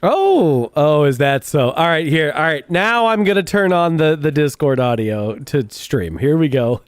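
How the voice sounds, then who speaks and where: A man's voice: a little high, big pitch swings, a little slow, no room sound, clean studio sound. A man hosting a live stream in casual chat, rambling, restarting his sentences and laughing often. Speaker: streamer host.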